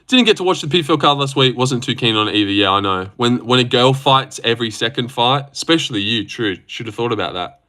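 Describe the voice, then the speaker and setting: A young man hosting a casual livestream, reacting to fights in a loose, sweary, excitable way into a desk mic. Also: medium pitch, fast talker. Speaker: livestream host.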